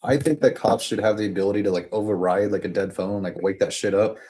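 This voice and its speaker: Low, mellow-voiced man rambling casually. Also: fairly even intonation, fast. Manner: rambling and digressive, profane, with frequent fillers. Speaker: vlogger. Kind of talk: casual storytelling to camera.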